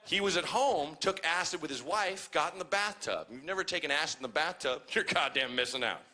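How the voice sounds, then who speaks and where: A man's voice: a little high, fairly quick. A man doing a profane stand-up comedy set on a club stage, telling stories and acting out other people's voices. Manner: profane, animated storytelling with acted-out voices.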